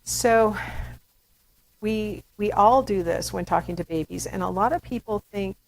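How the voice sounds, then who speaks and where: A woman's voice: medium pitch, measured pace, creaky, a little hiss or hum, low-quality recording. A woman giving a recorded lecture to students in a chatty style, with playful asides. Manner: acts out baby talk in demonstrations. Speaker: university lecturer.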